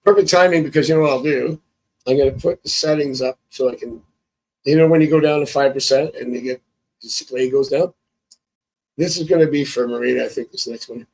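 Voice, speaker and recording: A man's voice: mid-range voice, a little fast, darkish tone, poor audio. A man reading tarot cards on a live stream. He chats casually, thinks aloud and chuckles often. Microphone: phone.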